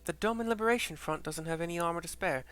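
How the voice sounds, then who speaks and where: A man putting on a brisk valley-girl heroine. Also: sits high, lively intonation, a bit bright, soft background music, pitched above the performer's own voice. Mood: earnest.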